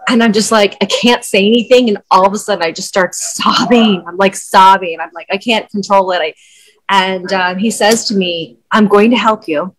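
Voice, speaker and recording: A middle-aged woman speaks as a podcast guest, her voice pitched in an ordinary middle range. She tells her personal story in a candid, conversational way, dotted with "like" and "um". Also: moderate pace, rough recording. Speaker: guest, wellness coach.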